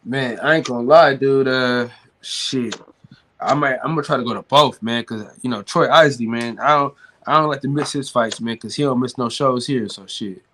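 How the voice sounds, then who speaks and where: A man's voice: mid-range voice, normal speed, a bit bright, slight background noise. A man co-hosting a live boxing talk stream, joking and repeating himself in casual banter. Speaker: podcast co-host.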